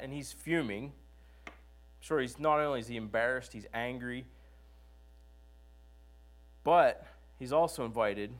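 Male preacher, chatty sermon storyteller, fond of rhetorical questions, higher-pitched voice. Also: a bit bright. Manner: conversational, asks rhetorical questions.

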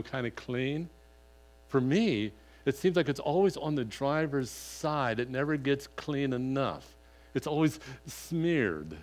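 Folksy older man preaching a sermon. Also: mid-range voice. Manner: rambling, lots of "you know", animated when retelling. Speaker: pastor. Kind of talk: sermon with folksy personal story.

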